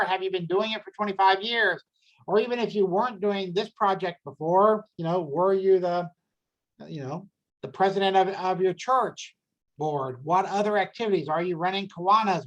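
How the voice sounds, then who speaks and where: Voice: mid-range voice, lo-fi sound. A workshop presenter giving a casual talk on grant writing, conversational and full of "you know" fillers and rhetorical questions.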